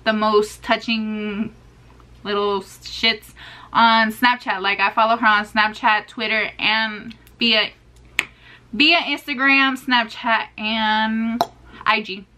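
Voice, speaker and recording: Woman, 21, sassy, chatty, gum-chewing, bright voice, a little high. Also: level tone, slow, clean tone. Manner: chatty, sassy, playful asides to viewers; chewing gum while talking. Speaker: beauty vlogger. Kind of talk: casual get-to-know-me vlog.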